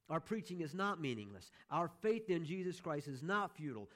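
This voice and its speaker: Middle-aged male pastor, slightly high voice, emphatic sermon delivery with repeated refrains. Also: very animated, a bit bright. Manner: emphatic, repeats key phrases, slows down for stress.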